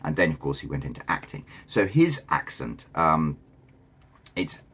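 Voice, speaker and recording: A man's voice: extremely low pitch, big pitch swings, moderate pace, fairly bright tone, husky. A man from Britain with a posh English accent, chatting enthusiastically as a video host. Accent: posh southern English. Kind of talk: casual talking-head commentary.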